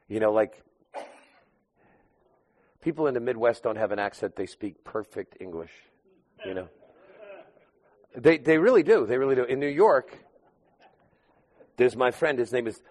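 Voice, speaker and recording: A man preaching a sermon, talking to his listeners as if in casual conversation. His voice sits at a middle pitch. It swings between loud emphatic bursts and quiet, low asides. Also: lively intonation, moderate pace, long pauses. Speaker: pastor.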